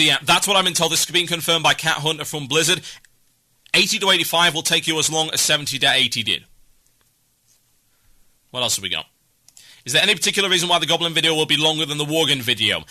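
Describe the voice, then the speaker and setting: Brisk, wry man with a bright voice. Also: fairly high pitch. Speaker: podcast host. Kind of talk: casual gaming podcast chat while playing.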